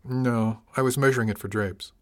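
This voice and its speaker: A man's voice: medium pitch, steady tone, normal speed, natural voice. A man voicing a frank, teasing female ship's officer in an audiobook reading.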